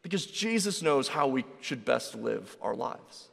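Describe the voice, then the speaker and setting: A man preaching a sermon in a relaxed, conversational storytelling way, acting out the voices of people in his stories. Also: medium pitch, measured pace, gravelly. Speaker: pastor. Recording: reverberant hall.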